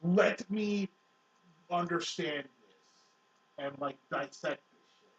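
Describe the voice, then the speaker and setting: A man's voice: a little high, takes it slowly. A young man giving sarcastic, incredulous commentary, swearing often. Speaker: co-host. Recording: dull, echoey room from a distant mic.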